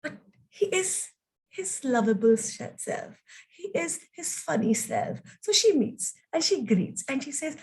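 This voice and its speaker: A woman tells a story to young children, slow and gentle, addressing them directly. Her voice is high and expressive. She lingers over words. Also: creaky. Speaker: professional storyteller.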